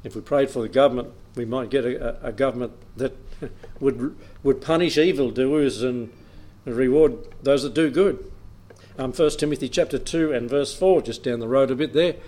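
Man, preacher, sermon, conversational, chuckles lightly, mid-pitched voice. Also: moderate pace, darkish tone. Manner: plain conversational preaching with small chuckles, reading old-style scripture aloud. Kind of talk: sermon, Bible teaching.

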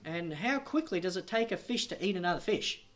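A man preaching a sermon, moving between quiet, low storytelling and loud, insistent warning. His pitch rises and falls widely as he works up to his points. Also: animated, a little fast. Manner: storytelling, rising to emphatic preaching.

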